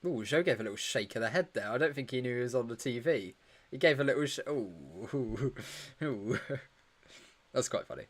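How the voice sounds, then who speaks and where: Tired, joking stream host. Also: male voice, medium pitch, expressive, normal speed. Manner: chatty, joking, reacting live and answering viewer questions. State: tired, yawning. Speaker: livestream host. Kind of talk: casual live watch-along commentary.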